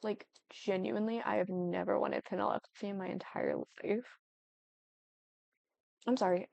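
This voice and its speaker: Young female gaming vlogger, chatty and self-apologetic, dark gravelly tone. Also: mid-range voice, no room sound. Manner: chatty, apologetic, thinking aloud. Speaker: Sims building YouTuber. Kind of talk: casual gameplay commentary.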